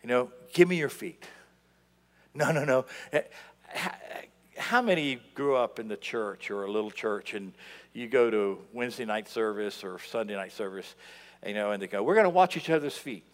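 A man preaching a sermon in a church, animated, swinging between loud outbursts and hushed asides. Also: mid-range voice, moderate pace. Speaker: pastor. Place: church sanctuary. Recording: long hall reverb.

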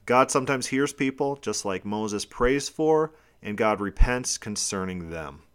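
A man with a lowish voice leads a podcast Bible study. He reads scripture passages aloud, then breaks each one down in plain, explanatory terms. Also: expressive, unhurried, smooth. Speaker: Bible teacher.

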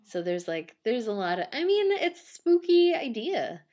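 A woman's voice: on the high side, big pitch swings, normal speed, darkish tone. A woman co-hosting a podcast, casually retelling a ghost story and laughing often. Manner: chatty, laughs often, trails off with "like". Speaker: podcast co-host.

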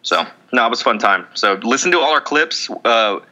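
A man's voice: mid-range voice, expressive, fairly quick, sharp tone. A man co-hosting a casual podcast, rambling and self-mocking, acting out his own past lines. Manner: rambling, self-mocking, quotes himself in bits. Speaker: podcast co-host. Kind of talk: casual chat.

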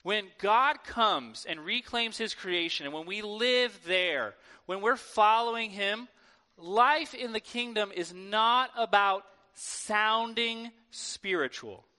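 A man preaching a sermon to his church in a lively, conversational way, acting out quoted voices. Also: sits high, takes it slowly, clean tone. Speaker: pastor. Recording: long hall reverb.

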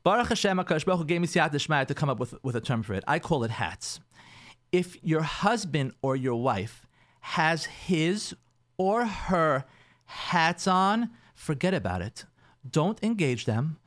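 A man, a rabbi hosting a radio show, talks through marriage advice in an animated way, often repeating himself and acting out what spouses say. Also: fairly high pitch, a little slow.

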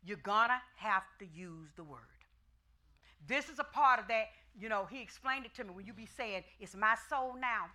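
A woman's voice: mid-range voice, expressive, moderate pace, pushed and bright. A woman pastor preaching a fervent, emphatic sermon with folksy, conversational asides to her congregation.

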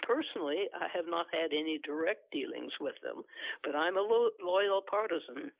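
A man's voice: a little high, expressive, moderate pace, vocal fry. A man playing an eager young spy in disguise. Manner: eager, ready answers. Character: young male spy posing as a loyal partisan. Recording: dry, tinny phone line.

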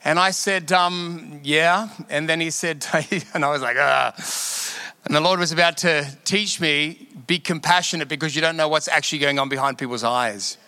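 A middle-aged pastor from Australia delivers a sermon full of personal stories. His voice is bright and sits a touch high for a man. He tells the stories with animated emphasis and laughs often along the way. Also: no room sound.

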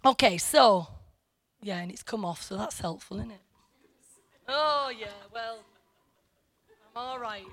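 A woman's voice: on the high side, animated, a little slow, pauses often, a bit bright. A middle-aged woman from England giving an informal, chatty Bible teaching that wanders off track and then presses hard on her key points. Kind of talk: informal Bible study talk.

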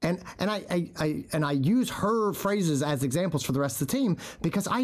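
Animated middle-aged man hosting a podcast. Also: a little high, a little fast, hardly any pauses. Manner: animated storyteller acting out quotes. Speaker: veterinarian podcast host. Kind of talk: casual podcast chat.

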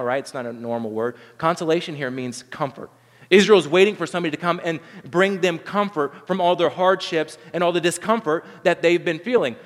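A man in his thirties preaching a sermon, earnest and conversational, often restarting his sentences. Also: mid-range voice. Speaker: pastor. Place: church sanctuary. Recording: long reverb of a large hall.

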